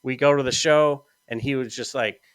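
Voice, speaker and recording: A man in a relaxed podcast chat, with a smooth, resonant voice recorded close and dry. He tells long, rambling stories at an easy pace and swears casually along the way. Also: mid-range voice, normal speed, no room sound. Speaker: podcast host.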